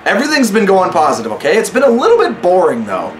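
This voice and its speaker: Young man, gaming host, high voice, very lively pitch, sarcastic play-by-play. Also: fast, reverberant, faint music behind. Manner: sarcastic, talks back to the coach in the game. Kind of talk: let's-play commentary.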